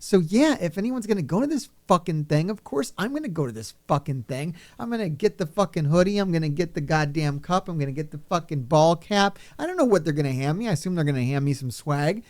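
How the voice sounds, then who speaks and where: A man who runs a gaming channel, talking off the cuff in an excitable, rambling vlog full of swearing. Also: fairly high pitch, fast talker, few pauses. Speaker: gaming YouTuber.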